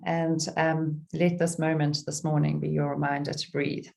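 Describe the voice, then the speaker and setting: A middle-aged woman guides a meditation in a soft, unhurried voice, leaving gentle pauses between phrases. Her tone is low and warm. She reads a poem with the same calm, soothing care. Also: creaky. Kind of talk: guided meditation with a poetry reading.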